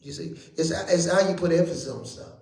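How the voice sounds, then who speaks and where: A man preaching at a Bible study, talking folksy and plain, calling out to the congregation and rising now and then into shouts. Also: fairly high pitch, brisk, gravelly, echoey room. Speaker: bishop teaching Bible study.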